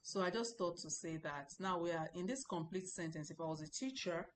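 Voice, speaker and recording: Lady teaching chinese, lowish voice, repeats words over and over, bit of faint hiss behind. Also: a little fast. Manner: patient and repetitive, drilling pronunciation aloud. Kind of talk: explanatory online lesson.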